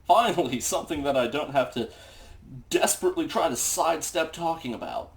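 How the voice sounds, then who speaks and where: A man commentates on a video game with dry, sarcastic remarks, reading long in-game texts aloud. His pitch moves in a lively way. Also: a little fast, gravelly. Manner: sarcastic, wry. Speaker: let's play commentator.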